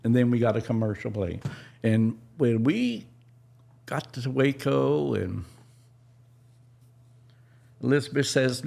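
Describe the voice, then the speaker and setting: A middle-aged man tells a personal story on a podcast in a halting, emotional way, often restarting his sentences. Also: mid-range voice, expressive, vocal fry, a little mellow, husky.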